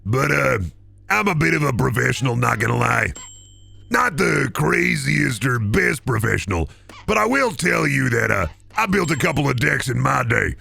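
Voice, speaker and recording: A swaggering everyman contractor, put on by a man, who rambles and boasts about his craft like a pitchman. The tone is gravelly and bright, with lively swoops in pitch. Faint music plays underneath. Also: moderate pace, no echo, heavily acted. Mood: boastful. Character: boastful everyman male deck-building contractor. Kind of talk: comedic improvised character bit.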